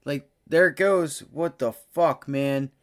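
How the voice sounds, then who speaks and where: Profane, excitable male trading streamer. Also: slow pace. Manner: profane, blunt, excitable, swings from muttering low to loud bursts. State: frustrated. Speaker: livestream day-trading host. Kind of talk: live trading commentary.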